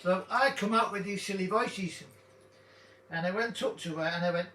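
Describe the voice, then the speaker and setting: A man's voice: sits high, moderate pace, sharp tone. Chatty older man, roomy distant sound. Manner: rambling, jokey, chatty storytelling. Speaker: gaming video host. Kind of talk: casual chat while playing. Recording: roomy, distant mic, noisy background.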